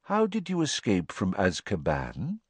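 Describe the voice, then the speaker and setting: A man voicing an old male wizard who asks questions quietly and softly. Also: lowish voice, huge pitch swings, unhurried, slightly rough, no echo, exaggerated voice. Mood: calm. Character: old male wizard headmaster, calm and gentle.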